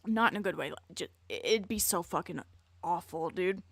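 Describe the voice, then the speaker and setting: A woman's voice: lowish voice, moderate pace, creaky, no room sound. A young woman streamer reacting live in crude, jokey, rambling casual talk full of swearing.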